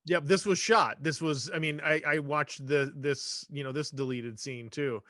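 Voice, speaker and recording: A man's voice: on the high side, steady tone, measured pace, a crowd in the background. A man co-hosting a podcast, chatting casually about a film, full of fillers and offhand quotes. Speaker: podcast co-host. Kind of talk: casual movie discussion.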